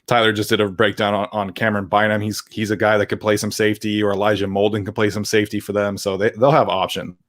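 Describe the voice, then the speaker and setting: A man co-hosting a live sports chat show, talking in a relaxed, rambling way with lots of fillers and restarts. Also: fairly low pitch, quick pace, few pauses, no room sound, studio quality. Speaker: podcast co-host.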